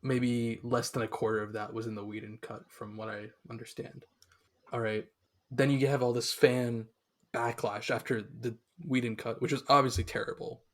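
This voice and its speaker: A man's voice: mid-range voice, little pitch movement, moderate pace. Rambling young man on a podcast. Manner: rambling, filler-heavy, many restarts. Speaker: podcast co-host. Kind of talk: casual chat.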